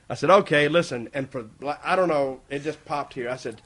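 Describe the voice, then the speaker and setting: A man's voice: mid-range voice, brisk, hardly any pauses, fairly bright tone. An older man, a guest, recalling old times with wry humor in a casual chat. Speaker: guest, former wrestling booker. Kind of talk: casual storytelling conversation.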